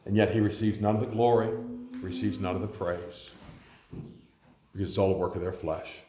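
A man's voice: deep voice, fairly even intonation, moderate pace, dark tone, roomy sound, a little hiss or hum. A man in his forties preaching a sermon, telling stories and acting out the voices of the people he quotes. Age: 40s. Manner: storytelling, acts out quoted voices. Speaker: pastor.

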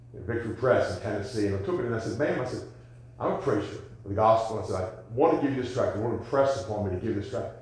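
A man preaching a sermon, telling folksy stories and rising to loud, emphatic questions. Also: medium pitch. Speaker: pastor. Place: church sanctuary. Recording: echoey church sanctuary.

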